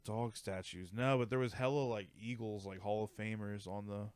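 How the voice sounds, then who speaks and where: A man's voice: lowish voice, steady tone, normal speed, darkish tone, clean tone, dry recording. A man co-hosting a casual podcast, laid-back and slangy as he describes an outing. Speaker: podcast co-host. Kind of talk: casual chat.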